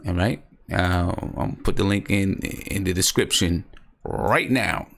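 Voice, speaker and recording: A young man hosting a casual fan live stream, talking excitedly, repeating himself and answering viewers in the chat. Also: low voice, measured pace, vocal fry.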